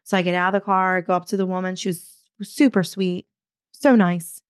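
A woman in her thirties, a podcast host, telling a story casually in an animated way, swearing and quoting her own thoughts. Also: on the low side, a little fast, smooth, no echo, clean studio sound. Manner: animated, swears, talks to herself in quotes.

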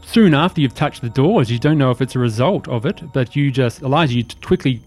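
A man running a tabletop game as game master, giving steady, descriptive narration and quick prompts to the players. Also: mid-range voice, faint music behind.

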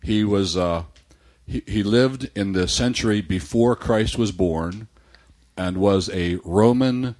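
An older American man in casual conversation about books, relaxed and rambling, now and then reading a passage aloud. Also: fairly low pitch, takes it slowly. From United States.

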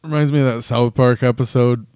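A man's voice: medium pitch, fairly even intonation, a little fast, darkish tone, smooth, dry recording, studio quality. A man co-hosting a comedy podcast, riffing in casual banter and acting out quotes between laughs.

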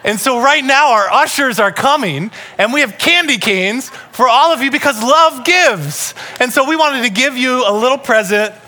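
A man in his thirties preaching a Christmas sermon to a live congregation, telling stories with loud bursts and soft asides. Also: extremely high pitch, moderate pace, few pauses, slight background noise. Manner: animated storytelling, shifting between loud bursts and soft asides. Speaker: pastor. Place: church hall, live congregation.

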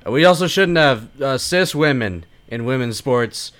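A man's voice: medium pitch, expressive, moderate pace, a bit bright. A man in casual comedy chat, riffing on bits and laughing often.

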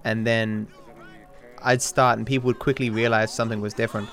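A man's voice: on the low side, flat delivery, fairly quick, fairly bright tone. A man rambling casually as a streamer, swearing freely and often restarting his sentences. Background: faint chill hop music.

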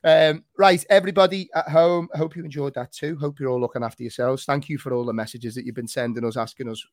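A man's voice: mid-range voice, steady tone, fast talker, dry recording, clean studio sound. A man hosting a casual podcast, joking, swearing and laughing often as he runs a quiz. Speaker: podcast host. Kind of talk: casual chat.

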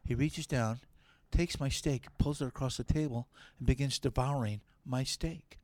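A middle-aged man, a guest on a talk show, telling a long story in a lively way, swearing freely and acting out the other people in it. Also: mid-range voice, normal speed, dry recording. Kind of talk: animated storytelling.

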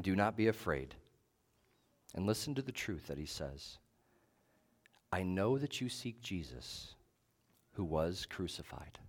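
Lower-voiced male pastor preaching. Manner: measured, emphatic with short repeated phrases. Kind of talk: sermon.

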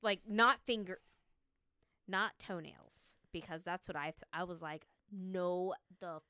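A woman's voice: fairly low pitch, a little slow, pushed and bright, smooth, no echo, studio quality. A woman co-hosting a podcast, telling a spooky story in a chatty way, full of "like" and easy laughter. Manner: chatty, laughs easily, many "like" fillers. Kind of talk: casual storytelling chat.

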